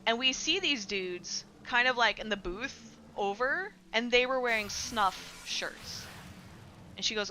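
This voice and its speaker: A woman's voice: medium pitch, animated, normal speed, pushed and bright, slight background noise. A woman streamer chatting casually with her live chat, rambling with lots of filler words and casual swearing.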